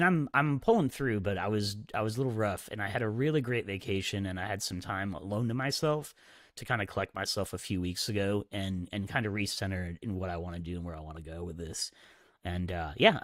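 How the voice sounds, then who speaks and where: A man's voice: lowish voice, no echo, studio quality. Upbeat chatty male game streamer. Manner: chatty, upbeat, rambling with fillers. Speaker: streamer host. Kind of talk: casual live-stream chat while playing.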